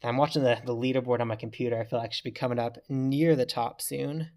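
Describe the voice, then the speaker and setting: A man giving casual, chatty commentary over his own gameplay as a video creator, reacting loudly when a throw goes wrong. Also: mid-range voice, steady tone, quick pace. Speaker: gaming YouTuber.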